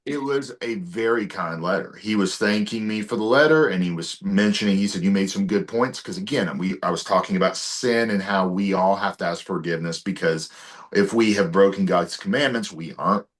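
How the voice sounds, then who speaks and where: A man, an evangelist guest, telling lively stories in a casual interview over a video call. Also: low voice. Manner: lively anecdotal storyteller, quick to laugh.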